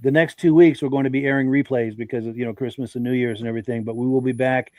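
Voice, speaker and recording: A man's voice: medium pitch, fairly even intonation, fast, mellow, no echo. A man with a congested voice hosting a live podcast, reading out viewer comments in a friendly, folksy way. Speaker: podcast host.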